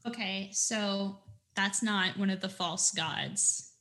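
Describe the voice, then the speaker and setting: A woman's voice: medium pitch, fairly even intonation, takes it slowly, pushed and bright. A woman playing a tabletop game, thinking aloud and theorizing with hesitations. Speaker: player.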